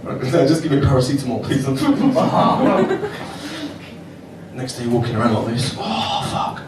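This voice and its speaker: A man's voice: fairly high pitch, huge pitch swings, unhurried. A middle-aged man hosting a comedy club night, working the crowd in a cheeky, swearing stand-up manner. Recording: echoey club from far off, noisy.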